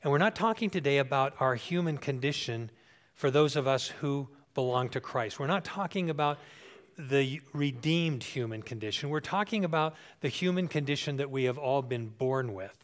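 A pastor in his sixties preaching a sermon in a church, talking conversationally, checking in with the congregation and repeating phrases for emphasis. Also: mid-range voice.

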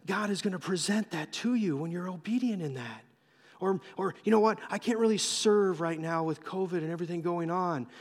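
A male pastor preaching a sermon, telling the story with animated, acted-out voices. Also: sits high. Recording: long hall reverb.

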